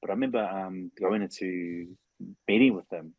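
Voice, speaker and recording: Low husky-voiced man, relaxed rambling chat. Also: moderate pace, no echo, highs cut off. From New Zealand. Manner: laid-back, rambling, full of "like" and "bro". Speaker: podcast guest, former rugby league player. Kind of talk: casual interview chat. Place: podcast studio.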